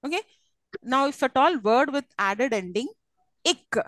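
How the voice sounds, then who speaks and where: Female lecturer; high pitch, dry recording, patient step-by-step explanations. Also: animated, moderate pace, a bit bright, dry recording, rough recording. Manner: explains step by step, often checks "okay?". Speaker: English lecturer. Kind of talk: live classroom lecture.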